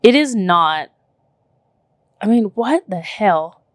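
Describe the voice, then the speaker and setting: A woman in her thirties chatting casually on a podcast, telling stories in an animated way with lots of "like" and "literally", swearing now and then. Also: mid-range voice, slow, dry recording, clean studio sound. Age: 30s. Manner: animated, filler-heavy storytelling with frequent "like" and "literally". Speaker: podcast co-host. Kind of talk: casual chat.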